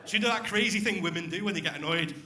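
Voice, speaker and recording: A man's voice: high voice, quick pace, noisy background. A young man doing a crude, swearing stand-up routine with crowd work on a comedy club stage. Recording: echoey club room.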